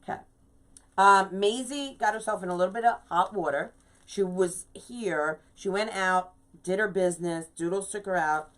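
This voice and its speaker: Middle-aged lady doing a live craft demo, chatty, says hi to viewers by name, everyday pitch. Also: moderate pace, fairly bright tone. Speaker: craft livestream host.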